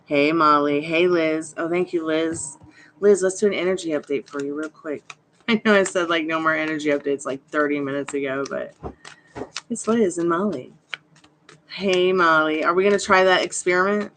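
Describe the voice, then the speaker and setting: A woman's voice: deep voice, moderate pace, a bit bright, slight background noise. A woman hosting a live tarot reading stream, chatty and reassuring as she greets viewers by name. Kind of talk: casual live-stream chat.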